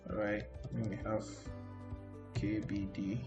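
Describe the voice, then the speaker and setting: A man's voice: fairly low pitch, level tone, takes it slowly, lo-fi sound, over music. A man teaching a coding tutorial over a screen recording, talking loosely and repeating "okay, so" between steps. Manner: loose, repetitive, frequent "okay, so". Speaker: coding instructor. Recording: roomy echo.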